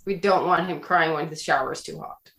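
A woman guest on a podcast, explaining her views in an animated, opinionated way in casual chat. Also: low voice, a little fast, echoey room.

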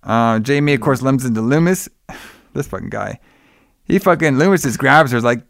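A man's voice: medium pitch, expressive, normal speed, creaky, no room sound, studio quality. A man casually retelling a film's plot with lots of fillers and swearing. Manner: loose, profane retelling with many fillers. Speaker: podcast co-host recapping a film. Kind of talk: casual chat.

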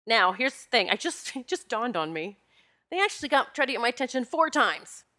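A woman with a bright, forceful voice tells a personal story in a relaxed monologue. She sounds animated and confiding and speaks straight to her listeners. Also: on the high side, brisk. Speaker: spiritual energy practitioner.

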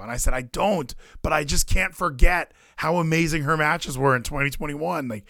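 A man co-hosting a casual wrestling podcast, sarcastic and animated, breaking into shouted mock quotes. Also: on the high side, a little fast, few pauses, no room sound, clean studio sound. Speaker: podcast co-host.

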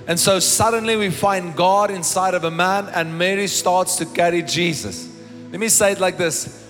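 A man's voice: fairly high pitch, moderate pace, a bit bright, faint music behind. A man preaching a sermon emphatically, repeating lines for effect, recorded live in a church hall. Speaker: pastor.

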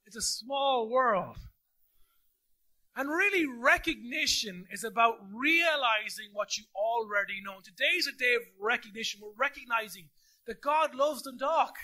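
An Irish man preaching as a pastor in a church, telling stories in an animated, jokey way and acting out the dialogue. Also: very high-pitched, a little slow. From Ireland. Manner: animated, jokey storyteller who acts out dialogue. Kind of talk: sermon storytelling. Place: church auditorium.

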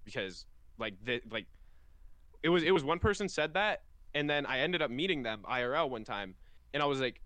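A young man co-hosting a podcast in casual chat, expressive and joking, with plenty of swearing. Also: medium pitch, brisk, no echo. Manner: expressive, swears, jokes along. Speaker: podcast co-host.

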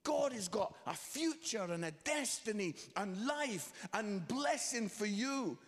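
A man preaching a sermon, telling a story with lively, animated delivery and quoted voices. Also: sits high, slow. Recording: long hall reverb.

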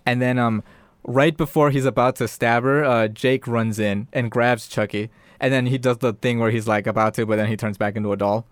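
A man's voice: medium pitch, fairly even intonation, brisk, clear, resonant tone, no room sound. A young man casually retelling a show, rambling with lots of fillers.

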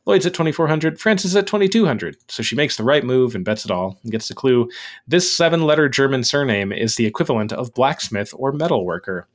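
A man's voice: mid-range voice, lively intonation, brisk. A man co-hosting a podcast, recapping a quiz show episode in casual, curious conversation. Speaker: podcast co-host.

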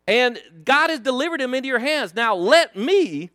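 Lively, high-voiced man teaching Sunday school. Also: fairly quick, dry recording, clean studio sound. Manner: playful, jokey asides in slang. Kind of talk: animated Bible lesson.

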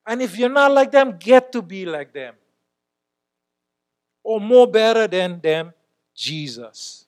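A middle-aged man preaches a sermon as a church elder. His voice sits high for a man, and he delivers emphatic, exclamation-filled lines that drop suddenly into quiet asides. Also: takes it slowly. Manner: lively, emphatic, swings between loud exclamations and quiet asides.

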